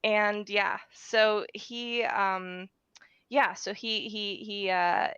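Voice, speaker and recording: A woman at a tabletop game who speaks slowly in a smooth, clear voice, rambling and searching for words as she describes her character. The sound is dry and close, and the mic is a little dull and lo-fi. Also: mid-range voice, steady tone, fairly bright tone, no room sound. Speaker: player.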